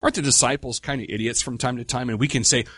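Middle-aged man preaching, casual and emphatic, mid pitch, dry close recording. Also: fairly even intonation, a bit bright, slightly rough, no room sound. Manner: conversational, rhetorical questions, slow emphatic pauses. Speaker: pastor. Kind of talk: sermon.

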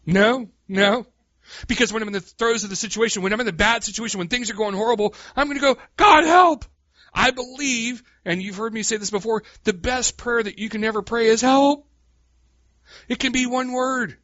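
A man preaching a sermon in a folksy, animated way, calling his listeners "guys" and swinging from quiet asides to loud cries. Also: high-pitched, a little fast, no echo, lo-fi sound.

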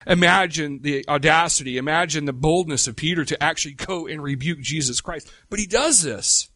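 A middle-aged man preaching a sermon in a conversational way, with rhetorical questions and slow, emphatic pauses. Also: a little high, pushed and bright, no echo, studio quality. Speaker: pastor.

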